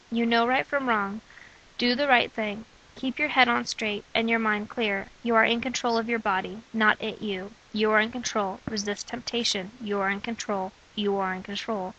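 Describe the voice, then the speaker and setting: A young woman reading her own letters, prayers and poems aloud in an earnest, measured way. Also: fairly high pitch, pushed and bright, low-quality recording. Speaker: person sharing her own testimony.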